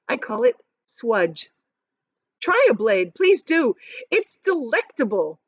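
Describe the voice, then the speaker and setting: A woman's voice: fairly high pitch, very animated, takes it slowly, no room sound, full character voice. Lady doing a showy candy maker guy, all grand and coaxing, dull lo-fi sound.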